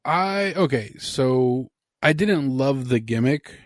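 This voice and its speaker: A man co-hosting a podcast in blunt, casual conversation, swearing freely. His voice sits at a middle pitch and sounds close and dry, with no room echo. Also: lively intonation, takes it slowly. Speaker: podcast co-host. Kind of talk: casual chat.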